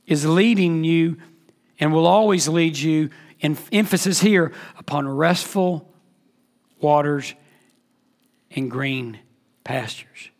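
A man pastor preaching a sermon emphatically, his voice dropping to a hush and then rising again. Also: on the high side, slow. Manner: emphatic preaching, swings between loud and hushed.

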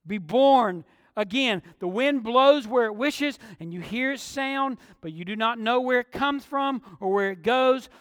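A male pastor delivers an emphatic sermon in a strikingly high voice, leaning hard on key words and slipping into quieter asides. The mic sits close and dry, yet a long reverb trails off through the sanctuary. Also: smooth.

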